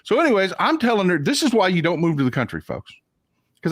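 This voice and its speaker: A man hosting a casual livestream show, telling stories with lively impressions of the people in them. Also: high-pitched, quick pace, no room sound, clean studio sound. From Texas. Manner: animated storyteller, mimics people in raised voices. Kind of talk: casual chat.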